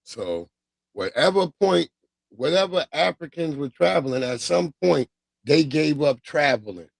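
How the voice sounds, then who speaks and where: A man's voice: a little high, animated, unhurried, vocal fry, no room sound, clean studio sound. A man hosting a livestream, talking loosely and offhandedly in slang to his viewers. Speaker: livestream host. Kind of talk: casual livestream chat.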